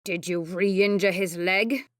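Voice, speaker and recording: A stern, overbearing duke, as a woman narrator reads him in an audiobook, snapping short orders. Low-set and dry, close to the microphone. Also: animated, normal speed, a bit bright, no room sound. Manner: curt, commanding. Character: stern, domineering older duke, curt.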